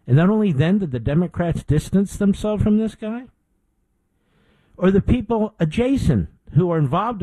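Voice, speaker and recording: A man's voice: a little high, warm tone, no echo, rough recording. A middle-aged man hosting a political talk show, delivering an indignant opinion monologue with emphatic repetition.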